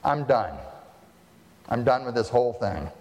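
A man's voice: medium pitch, lively intonation, unhurried, a little mellow, big-room sound, natural voice. A man acting out a weary, dismissive male Roman governor with snarky impatience, as part of a sermon.

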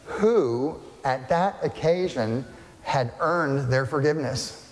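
A man's voice: mid-range voice, expressive, slow pace, a little mellow. A male pastor giving a sermon in a conversational way, putting questions to the congregation and adding dry humorous asides. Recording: long reverb of a large room.

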